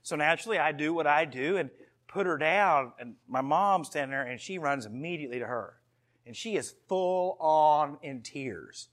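A man's voice: fairly high pitch, moderate pace, fairly bright tone. A man in his thirties preaching a sermon to his congregation, earnest and storytelling, with asides to the listeners. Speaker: pastor.

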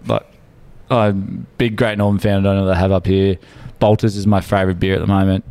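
A man's voice: deep voice, level tone, fast, darkish tone, clean tone, dry recording. A young Australian man, a podcast co-host, telling a crude story in a casual chat and acting out the dialogue. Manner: crude, laid-back storyteller, acts out dialogue.

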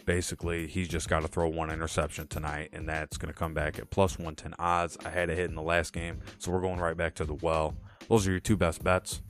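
Deep-voiced man hosting a sports podcast. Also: fairly quick. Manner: casual, animated, rattling off picks with catchphrases. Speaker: podcast host. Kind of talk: solo sports picks podcast.

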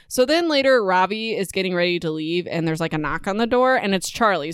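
A young woman hosting a book podcast, recapping chapters in a chatty, rambling way with animated asides. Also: mid-range voice, clear, resonant tone, no echo, studio quality.

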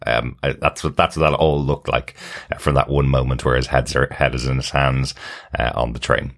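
A man's voice: rumbling low, level tone, normal speed, creaky, fairly bright tone. A man co-hosting a podcast, explaining at length in casual chat with frequent fillers. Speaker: podcast co-host.

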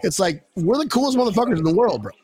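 A man's voice: sits high, lively intonation, fast, darkish tone, breathy edge, rough recording. A young man hosting a casual podcast chat, joking around, laughing easily and swearing casually. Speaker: podcast host.

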